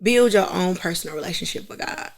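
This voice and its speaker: A woman's voice: on the low side, brisk, vocal fry. A woman in her thirties, a podcast guest, giving earnest, encouraging advice in casual chat.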